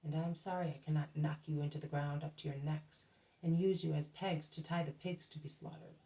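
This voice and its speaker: A burly, furious innkeeper growls blunt threats, as a woman reading a storybook aloud puts him on. The voice sits low and dark, heard from some distance off the mic. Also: steady tone, a little fast, lightly acted.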